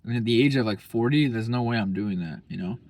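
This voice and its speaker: A man's voice: medium pitch, quick pace, darkish tone, no echo. A young man talking casually as a vlogger, rambling and profane, full of slang. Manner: slangy, profane, rambling, keeps saying bro.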